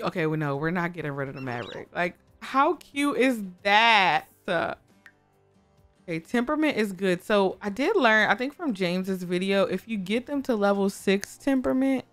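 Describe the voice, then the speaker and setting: A young woman giving casual gameplay commentary, gushing, excitable and talking to her game characters, often breaking into high squeals. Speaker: gaming YouTuber. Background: faint background music.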